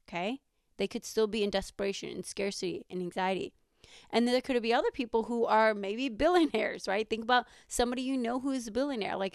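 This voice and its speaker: A woman's voice: on the high side, gravelly, no room sound, studio quality. A woman in her thirties hosting a podcast, talking casually with lots of fillers and rhetorical questions. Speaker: podcast host.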